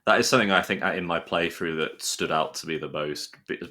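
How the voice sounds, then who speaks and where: Bright-voiced, low-pitched British man. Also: a little fast. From United Kingdom. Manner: enthusiastic, rambling with restarts. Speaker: podcast guest. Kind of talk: casual podcast chat.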